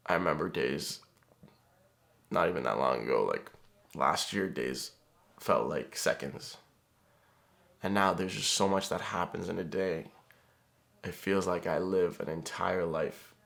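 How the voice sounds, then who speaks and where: A man's voice: low-pitched, vocal fry. A young man talking casually to the camera in a rambling vlog, with lots of fillers. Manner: relaxed, rambling, frequent fillers.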